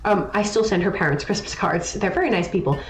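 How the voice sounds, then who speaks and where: A woman's voice: on the low side, quick pace. A young adult woman streaming a game live, chatting casually and teasingly answering her chat. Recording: echoey room with faint noise.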